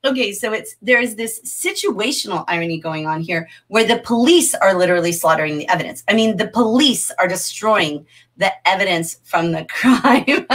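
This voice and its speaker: Lively middle-aged teacher lady on a livestream, laughing and chatting with viewers. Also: mid-range voice. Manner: animated, laughing, talks to the chat. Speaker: teacher hosting a livestream class. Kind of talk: livestreamed literature lesson.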